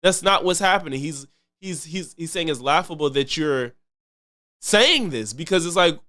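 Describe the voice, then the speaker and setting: A man's voice: a little high, animated, moderate pace, bright, forceful tone. A man commenting casually on a live stream, loose and chatty, repeating himself and thanking viewers. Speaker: streamer reacting to clips.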